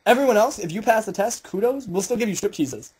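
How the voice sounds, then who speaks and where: A man's voice: high-pitched, animated, fast, a crowd in the background, low-quality recording. A teenage boy co-hosting a casual chat, giggly and self-mocking. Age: teens. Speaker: co-host.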